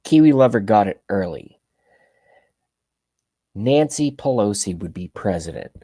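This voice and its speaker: Brief: livestream host, man in his 30s, low pitch, dry close sound, sarcastic and rambling. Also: animated, unhurried, warm tone, husky, no room sound. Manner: sarcastic, rambling, talks to the chat. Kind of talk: ranting opinion commentary.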